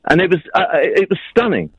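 A man's voice: sits high, big pitch swings, brisk, husky, no echo. A man calling in to a radio show to tell a story, speaking politely and hesitantly with many fillers. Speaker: caller. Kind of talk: phone-in storytelling. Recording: dull phone line.

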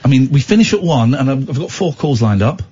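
A man's voice: medium pitch, lively intonation, fast talker, warm tone, muffled recording, a little hiss or hum. A man hosting a radio show, bantering in a teasing, mock-exasperated, jokey way.

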